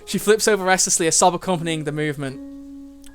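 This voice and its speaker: Soft game music runs under this let's play, where a young man reads a visual novel out loud at a fairly quick clip. His voice sits on the higher side, and his reactions are talkative and anxious.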